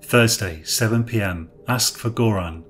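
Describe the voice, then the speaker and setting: A man reading the lines of a blunt, sarcastic street drug dealer in a storybook, speaking in his own low voice. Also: a little slow, fairly bright tone, soft background music. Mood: curt.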